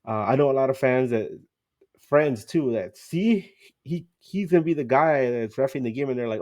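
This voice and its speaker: A man's voice: medium pitch, lively intonation, moderate pace, darkish tone. Chatty male sports podcast host. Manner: chatty, laughs often, many fillers. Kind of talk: casual sports podcast talk.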